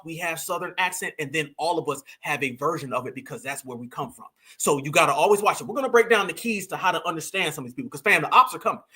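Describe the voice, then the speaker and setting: Man, bright forceful voice, animated reaction commentary host. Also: sits high. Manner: animated, preachy, calls audience "fam", mocks voices.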